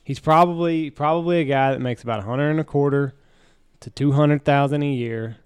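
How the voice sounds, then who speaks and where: Smooth-voiced man, dry close mic. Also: on the high side, fairly quick, no room sound. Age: middle-aged. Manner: reactive, laughs along, profane asides. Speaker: podcast co-host. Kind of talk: casual chat.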